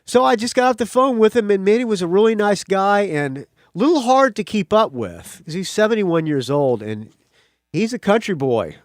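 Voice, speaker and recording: A man hosting a rock podcast, talking in a rambling, excitable way with a slight country accent and swearing freely. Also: high voice, normal speed, no echo, clean studio sound. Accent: slight American country accent. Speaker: podcast host. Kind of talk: casual solo intro.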